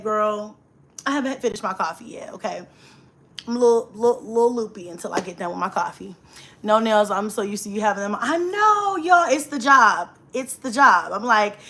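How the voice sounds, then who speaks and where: A woman's voice: a little high, pushed and bright. A young woman, hosting a casual livestream, chatting, laughing often and greeting viewers by name. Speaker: livestream host.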